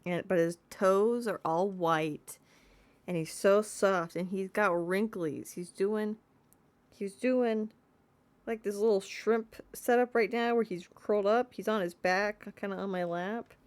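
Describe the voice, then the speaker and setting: A woman's voice: mid-range voice, fairly even intonation, a little slow. A woman streamer chatting playfully while she plays a game and talks to her cat. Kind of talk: casual gameplay commentary.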